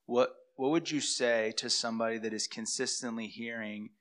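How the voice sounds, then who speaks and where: A man's voice: medium pitch, steady tone, moderate pace, a bit bright. A man in a church group asking the pastor a question, hesitant and searching for his words, heard from across the room.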